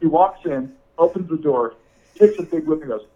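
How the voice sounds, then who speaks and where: A man's voice: on the high side, expressive, normal speed, muffled recording, very noisy. A man telling a funny story in casual chat, laughing often and saying "dude" a lot. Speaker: podcast guest.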